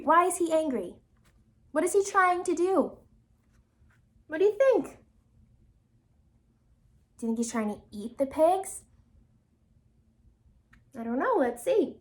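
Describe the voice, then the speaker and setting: A woman's voice: high-pitched, lively intonation, takes it slowly, pauses often. A woman teacher reading a storybook aloud to her class, telling it dramatically and stopping often to ask the children questions.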